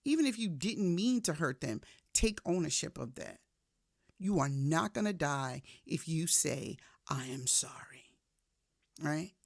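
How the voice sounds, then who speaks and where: Gravelly-voiced woman giving a faith talk. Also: sits low, measured pace, no echo, studio quality. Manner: animated storytelling, swings from soft to emphatic; casual, conversational, addresses listener directly. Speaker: motivational speaker. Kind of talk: faith-based motivational talk.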